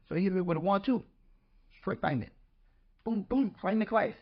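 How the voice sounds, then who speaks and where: A man telling animated anecdotes in casual talk. He acts out the quoted lines and laughs as he goes. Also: high-pitched, moderate pace, long pauses, slightly rough. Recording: slightly dull lo-fi podcast audio.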